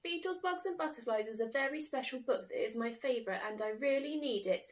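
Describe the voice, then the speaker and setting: A woman's voice: sits high, expressive, a little fast. A woman reading a children's storybook aloud, voicing a small, stubborn little girl who insists and repeats herself. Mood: insistent.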